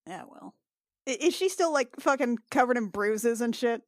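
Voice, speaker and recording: A woman's voice: a little high, lively intonation, moderate pace, dry recording. Woman, tabletop player, sardonic, grumbling, dry close mic. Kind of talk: playing a tabletop game, in character.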